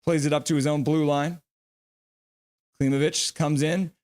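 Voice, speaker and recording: High-voiced excitable male stream host. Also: a little slow, long pauses, faint music behind. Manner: excitable, reads viewer comments aloud. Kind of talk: fan play-by-play and chat reading on a live stream.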